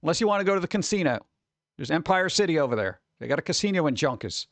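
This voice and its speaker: A man chatting casually on a live stream, reading chat and reacting with quick exclamations. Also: on the high side, big pitch swings, no room sound.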